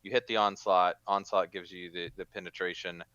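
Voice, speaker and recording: A man's voice: low-pitched, little pitch movement, a little fast, pushed and bright, clear, resonant tone, no room sound, lo-fi sound. A man guesting on a casual gaming podcast, giving careful, hedged opinions on game changes. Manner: thoughtful, hedging opinions.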